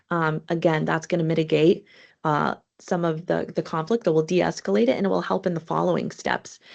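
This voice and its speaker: Female webinar presenter, low voice with vocal fry, conversational and earnest, lots of fillers. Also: darkish tone.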